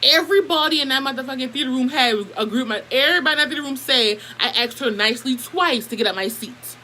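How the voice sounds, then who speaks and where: A woman's voice: high voice, fast talker, slight background noise, poor audio. A young woman telling a family story to her camera in a casual, profane and heated way. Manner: profane, animated, heated retelling. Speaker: vlogger.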